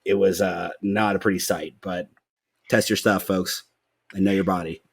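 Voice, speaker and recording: A man's voice: deep voice, little pitch movement, normal speed, creaky, breathy edge. A young man hosting a podcast, chatting casually, rambling with lots of fillers and swearing freely. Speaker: podcast host. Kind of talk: casual chat.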